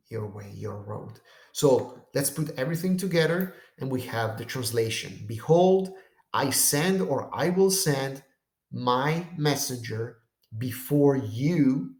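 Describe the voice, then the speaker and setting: A man's voice: mid-range voice, darkish tone, reverberant. A man teaching a language lesson. He explains step by step and keeps checking in with "okay?" and "right?". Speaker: teacher of biblical Greek. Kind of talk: lesson on screen text.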